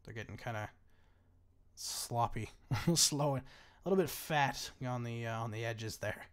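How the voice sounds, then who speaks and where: A man's voice: medium pitch, unhurried, a bit bright. Gaming host: casual man, medium voice, bemused running commentary with frequent laughs and swearing. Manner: chatty, bemused, swears freely, laughs often. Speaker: gaming YouTuber. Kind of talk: casual let's-play commentary.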